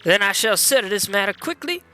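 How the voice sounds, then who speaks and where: A man's voice: high voice, animated, a little fast, sharp tone, soft background music, full character voice. Don Pianta, a man doing a bossy gangster-accented mob boss. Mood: scheming. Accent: New York gangster. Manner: tough, bossy, clipped. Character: gruff older male mob boss. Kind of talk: video game dialogue read-along.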